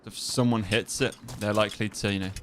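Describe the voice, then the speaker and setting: A man's voice: on the low side, steady tone, brisk, slight background noise. A young man talks through his game in a loose, chatty way. He rambles, circles back and repeats his phrases, sitting close to his headset mic. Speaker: streamer. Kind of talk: casual gameplay commentary and chat.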